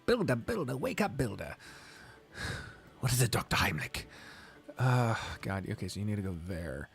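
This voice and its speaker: A woman's voice: a bass voice, very animated, moderate pace, creaky. A woman streaming a video game, chatting casually, rambling, laughing often and swearing freely, sometimes slipping into gushing baby talk. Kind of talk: casual gameplay stream chat. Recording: faint music behind.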